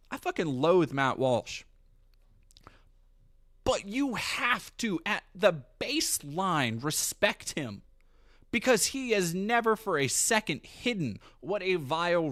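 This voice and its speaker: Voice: mid-range voice, a bit bright. A streamer ranting heatedly and profanely on their stream. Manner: profane, heated, fast rant. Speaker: commentary streamer.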